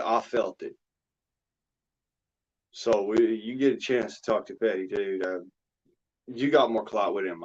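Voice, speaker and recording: A man streaming a casual chat, talking emotionally in a rambling way, cursing often and repeating himself, with a drawl. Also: fairly low pitch. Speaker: streamer hosting a chat panel. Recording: dull lo-fi mic.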